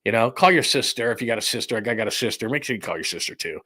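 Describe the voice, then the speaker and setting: A man's voice: medium pitch, lively intonation, rapid-fire, bright, forceful tone, husky, no room sound, clean studio sound. A middle-aged man hosting a sports podcast from home, chatting casually in a loose, rambling way, a little out of breath. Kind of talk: casual live-stream chat. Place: room at home under renovation.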